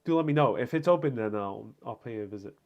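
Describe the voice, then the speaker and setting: A man at a mid-range pitch hosts a casual live stream from home. He answers viewer comments in a relaxed, rambling way. His sentences are full of fillers and restarts. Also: fast talker, muffled recording. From Puerto Rico.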